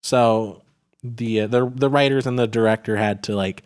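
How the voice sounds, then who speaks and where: This podcast co-host talks about a film casually, rambling and restarting often with lots of fillers. His medium-pitched voice is steady, clear, resonant and a little mellow, moving at normal speed.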